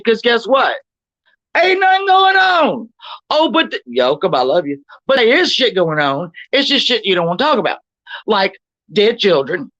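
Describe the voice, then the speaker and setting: A woman hosts a livestream and launches into a profane, combative rant, mocking her critics and reading chat comments aloud before firing back. Her voice is medium-pitched and a bit bright, recorded dry with dull audio.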